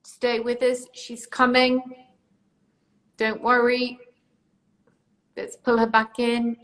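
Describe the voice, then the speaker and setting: A woman's voice: on the high side, level tone, slow pace, fairly bright tone. A British woman from near London hosting a live online interview, reassuring and chatty, thanking viewers by name. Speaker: host.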